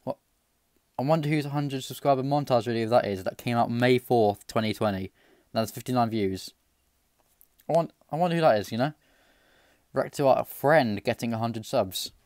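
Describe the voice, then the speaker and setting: Excitable English lad reacting. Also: male voice, mid-range voice, dry recording, studio quality. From England. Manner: excitable and self-mocking, quick jokes. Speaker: YouTube gaming channel host. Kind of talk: casual reaction commentary.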